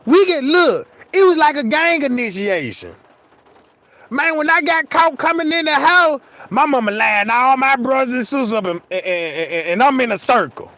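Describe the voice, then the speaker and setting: A middle-aged man with a very high-pitched voice tells a comic story at a normal pace. He's casual, profane, and animated, acting out the scenes and checking in with his listeners.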